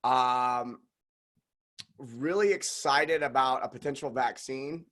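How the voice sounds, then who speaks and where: Slow, relaxed man with a slight drawl. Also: fairly high pitch. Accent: slight Southern drawl. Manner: relaxed, pleasant, thinks aloud with many restarts. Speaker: podcast host. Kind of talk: casual conversational interview.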